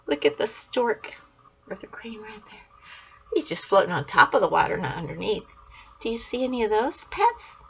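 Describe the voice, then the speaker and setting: An older woman reading a picture book aloud to young children in a gentle, sing-song way, asking questions and praising answers. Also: medium pitch, sing-song, brisk, gravelly, slightly rough, highs cut off.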